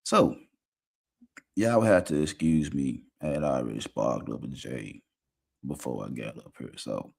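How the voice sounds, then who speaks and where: Deep gravelly rambling male host. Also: measured pace. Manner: rambling, slangy, talks a lot. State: high. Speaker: podcast host. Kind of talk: casual livestream talk.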